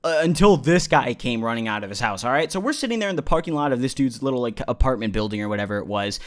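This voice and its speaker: A man's voice: mid-range voice, very animated, fast talker. A young man vlogging a casual, rambling, profane story with lots of energy.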